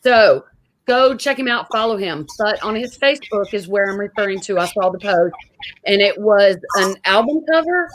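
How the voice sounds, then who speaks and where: A woman's voice: medium pitch, animated, normal speed, a little hiss or hum, low-quality recording. Upbeat woman hosting a show. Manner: upbeat, enthusiastic, chatty. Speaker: show host. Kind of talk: casual interview chat.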